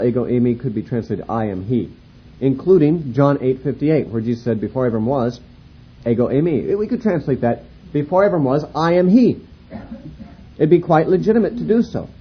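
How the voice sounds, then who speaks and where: A man with a husky, slightly breathy voice delivers a Bible lecture, careful and explanatory, repeating and spelling out key words. The recording is dull and lo-fi, with a muffled top end. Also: a little high, expressive, a little fast. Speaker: Bible teacher.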